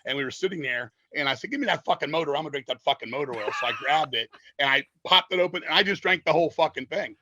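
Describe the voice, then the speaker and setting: A man with a slightly high, bright and forceful voice races through long stories with lively intonation and hardly any pauses. He's a metal singer appearing as a podcast guest, telling casual, rambling tales packed with swearing. The audio is poor, with slight background noise.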